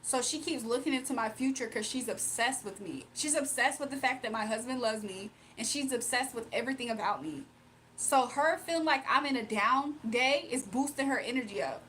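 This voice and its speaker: Reading viewer comments aloud on her spiritual-readings livestream, a young woman replies in a blunt, confrontational way. She speaks fairly quickly in a fairly high, slightly bright voice, with slight background noise.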